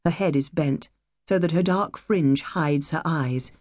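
A woman reading a first-person novel aloud, measured and wistful. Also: sits low, darkish tone, breathy edge, no room sound, clean studio sound. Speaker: audiobook narrator. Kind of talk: first-person audiobook narration.

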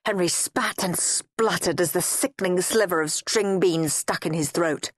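A woman's voice: lowish voice, normal speed, hardly any pauses, dry recording, clean studio sound. A woman with an English accent narrating a comic children's book with playful, theatrical relish. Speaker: audiobook narrator. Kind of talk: expressive children's storytelling.

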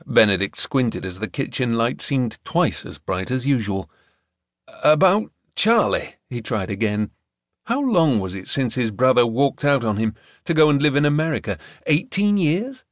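Reading a novel for an audiobook, a man uses his mid-range voice in a measured, expressive way. The recording is echo-free and studio quality.

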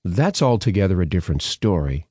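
A wealthy old professor, formal and blunt, speaking in clipped, higher sentences, as a male audiobook narrator puts him on. The narrator's voice is still deep at its base, and the recording is close and dry. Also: very animated, brisk, darkish tone, breathy edge, no echo, heavily acted.

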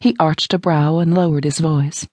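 Low-voiced woman narrating romance. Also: steady tone, moderate pace, a little mellow, dry recording, studio quality. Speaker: audiobook narrator.

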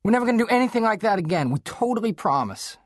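A man's voice: high voice, very animated, quick pace, dry recording, studio quality, pitched above the performer's own voice. A man doing a pleading teenage boy. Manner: pleading, raised voice.

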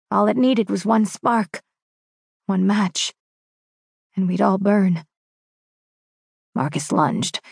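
A woman narrates a first-person fantasy romance audiobook with dramatic, measured intensity. Her voice is slow, gravelly and husky. The recording is close and dry. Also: mid-range voice, no echo.

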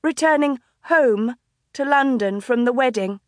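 A woman's voice: high-pitched, unhurried, no room sound, studio quality, pitched above the performer's own voice. A woman voicing a proud, defiant young noblewoman. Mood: insistent. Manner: clear, firm, dignified.

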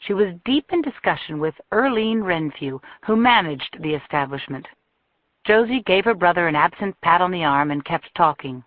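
Brief: woman audiobook narrator, expressive storytelling, tinny dry recording. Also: on the low side, no echo. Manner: measured, expressive reading. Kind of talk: scripted narration. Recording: thin phone-like dry sound.

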